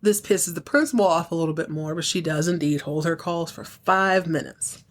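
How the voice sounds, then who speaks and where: A woman's voice: low voice, normal speed. A woman hosting a podcast, casually recapping a TV episode with wry asides and acting out the characters' lines. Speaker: podcast host.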